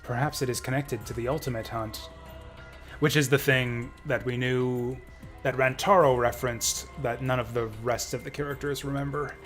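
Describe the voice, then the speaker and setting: A man's voice: medium pitch, fairly even intonation, moderate pace, fairly bright tone, soft background music. A man streaming a game, commenting casually and jokingly between reading dialogue aloud. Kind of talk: let's play commentary.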